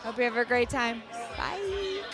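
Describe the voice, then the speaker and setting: A woman's voice: fairly high pitch, lively intonation, unhurried, loud music behind the voice, over a noisy crowd. A woman giving a grateful, slightly nervous birthday toast.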